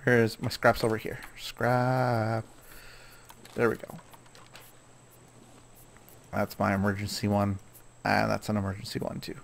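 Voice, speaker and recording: A man's voice: fairly low pitch, fairly even intonation, a little slow, vocal fry, pauses often. A man casually commenting on his own gameplay, chatting to himself and scolding the animals in the game.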